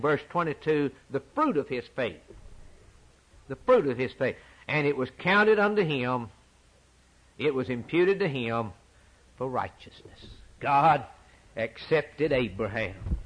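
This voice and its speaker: A man preaching a sermon, repeating phrases for emphasis and swinging from loud declarations to near-whispers. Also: medium pitch, expressive, slow pace, long pauses. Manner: dramatic swings from loud to hushed, repetitive emphasis.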